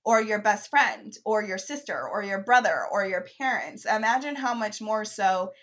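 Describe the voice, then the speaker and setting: A woman's voice: mid-range voice, moderate pace, fairly bright tone. A young woman, a mother and counseling student, co-hosting a casual podcast and talking candidly, laughing easily. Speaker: podcast co-host.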